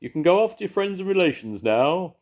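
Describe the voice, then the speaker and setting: A man's voice: sits high, very animated, darkish tone, voice pushed up. An older man voicing a show-off female owl who hoots and draws her words out. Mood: encouraging. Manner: drawn-out, hooting delivery.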